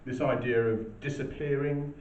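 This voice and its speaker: A man's voice: mid-range voice, fairly even intonation, moderate pace, darkish tone. An English man teaching a school lesson, explaining step by step and often checking with "okay?". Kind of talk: classroom lesson. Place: classroom. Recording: distant, dull, roomy with faint hiss.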